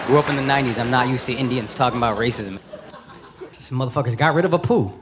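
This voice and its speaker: A stand-up comedian in his thirties does a brash, profane set with crowd work on a comedy club stage, shouting his punchlines to a live audience. He has a mid-range voice and a quick pace. Loud audience laughter and heavy background noise fill the recording.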